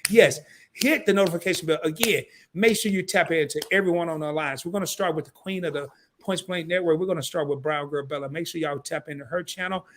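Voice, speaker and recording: A man hosting a live stream, wrapping up the show with loose, slangy banter and quick asides to his viewers. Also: on the high side, fairly bright tone, slight background noise. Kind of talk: casual live stream sign-off.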